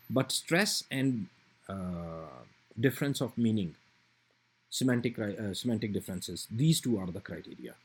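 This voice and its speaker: Male lecturer, mid-pitched and a little husky, patient recorded-lecture delivery. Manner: patient explaining with fillers and repeated examples.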